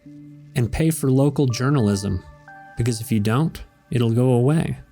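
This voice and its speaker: A man voicing a wise old male pig sage with a beard, speaking calmly and preachily as he reads a comic strip aloud. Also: mid-range voice, a little slow, faint music behind. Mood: sagely.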